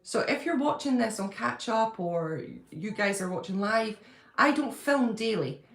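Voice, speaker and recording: A woman chatting on a home live stream, bubbly and quick to gush and laugh. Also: on the high side, animated, a bit bright. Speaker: livestreaming fan-channel host. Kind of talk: casual live-stream chat. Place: at home, indoors. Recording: echoey room.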